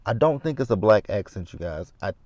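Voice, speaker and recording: Blunt low-voiced man recapping. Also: expressive, brisk, darkish tone, no echo. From Texas. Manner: chatty, blunt, profane asides to viewers. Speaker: reality TV recap host. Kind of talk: casual recap commentary.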